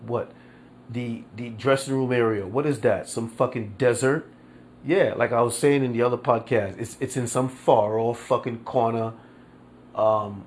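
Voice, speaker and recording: A man hosting his own podcast, delivering an angry, profane political rant, often repeating himself and answering his own points with "yeah", dropping to a mutter and then surging louder. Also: slight background noise. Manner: swings from muttering low to loud outbursts. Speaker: podcast host.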